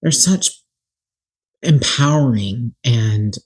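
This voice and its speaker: Podcast host and regression practitioner; casual, excitable storyteller with a breathy, husky tone. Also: mid-range voice, extremely slow. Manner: enthusiastic and excitable, retelling dialogue with "I was like".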